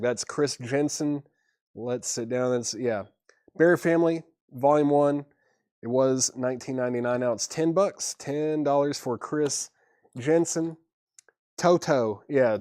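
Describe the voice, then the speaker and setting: A man's voice: medium pitch, darkish tone, clean tone, dry recording, clean studio sound. A man hosting a live vinyl record sale, casually reading out albums, prices and buyer names and chuckling at himself. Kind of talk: casual live-stream selling.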